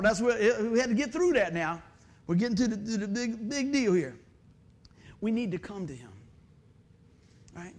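A middle-aged male pastor, preaching a folksy, animated sermon full of stories and calls for amen. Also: high voice. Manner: folksy, animated, storytelling with asides and call-and-response.

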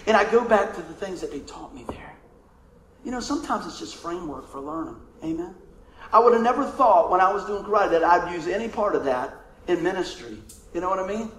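Pastor guy, middle-aged, high-pitched, cracking himself up telling stories, echoey church sound. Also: fairly bright tone, slight background noise. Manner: folksy and humorous, laughs through stories. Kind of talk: storytelling sermon.

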